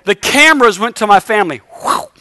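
A middle-aged man preaching a revival sermon, telling a lively story and building to shouted exhortation. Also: sits high, fairly quick.

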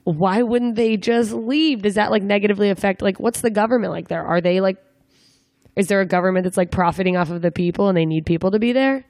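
A woman's voice: medium pitch, fast talker, darkish tone, no echo, clean studio sound. A young woman interviewing a guest in a casual chat, asking rambling, joking questions with lots of fillers. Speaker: interviewer, comedian.

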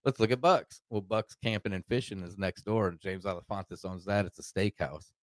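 Low-voiced profane man rambling. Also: fairly quick, no echo. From Arkansas, United States. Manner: rambling, profane, animated retelling with quoted voices. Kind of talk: casual storytelling chat.

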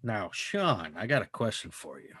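A man's voice: fairly low pitch, very animated, normal speed, pushed and bright, breathy edge, dry recording, studio quality. A man co-hosting a podcast, talking in a casual, profane, emphatic way that rambles from point to point. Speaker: podcast co-host.

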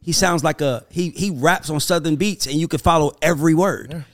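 An American man hosting a podcast, telling stories in a lively, crude, slangy way. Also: on the high side. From United States. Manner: animated, quick storytelling with crude slang. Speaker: podcast host. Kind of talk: casual chat.

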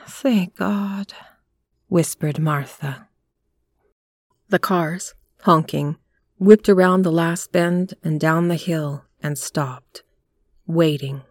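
A woman reading a short story aloud as narrator, in a measured, hushed storytelling manner. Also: low-pitched, no echo. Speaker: audiobook narrator.

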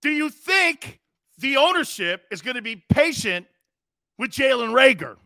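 A man's voice: very high-pitched, big pitch swings, a little slow, creaky, sharp tone, dry recording, clean studio sound. A man hosting a sports talk show, delivering a brash, mocking monologue. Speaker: sports radio host.

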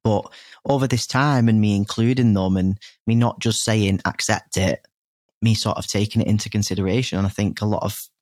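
A man's voice: fairly low pitch, steady tone, fairly quick, darkish tone, dry recording, studio quality. A man, a podcast guest frankly telling a personal story and often restarting his sentences. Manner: earnest, frank, full of restarts and "you know".

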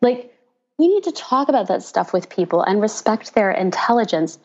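A woman pastor and author talking in a casual interview, telling stories with lively mimicry of the people she quotes. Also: mid-range voice, normal speed, highs cut off. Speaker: pastor and author, podcast guest.

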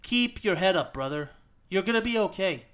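A man's voice: high-pitched, animated, moderate pace, fairly bright tone. A man hosting a soccer podcast, ranting emphatically with frequent "okay?" and "you know what?" and some swearing. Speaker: podcast host. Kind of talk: soccer opinion podcast rant.

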